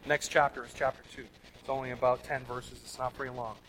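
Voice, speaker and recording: A man preaching a sermon in an earnest, emphatic way, swinging between loud stressed words and soft asides. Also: medium pitch, level tone, quick pace, a little hiss or hum, poor audio. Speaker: pastor.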